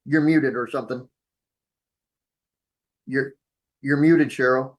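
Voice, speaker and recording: Guy on a video call asking a question, easygoing, thinking out loud. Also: mid-range voice, fairly even intonation, slow pace. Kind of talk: casual webinar Q&A.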